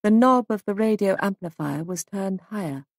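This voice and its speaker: A woman narrating an audiobook mystery in a measured, even storytelling voice, close to the mic. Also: medium pitch, no echo. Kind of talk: scripted narration.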